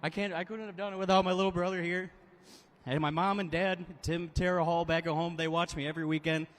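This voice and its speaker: A man's voice: high voice, little pitch movement, quick pace. A man who drives monster trucks, giving heartfelt, choked-up thanks in a live interview inside a large indoor arena. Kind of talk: live post-event interview. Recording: long arena reverb.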